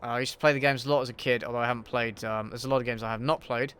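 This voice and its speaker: A man's voice: mid-range voice, steady tone, very fast, a bit bright, smooth. A man hosting a casual livestream Q&A while he plays a game, answering chat in an offhand, sweary way and muttering to himself mid-game. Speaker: YouTube host.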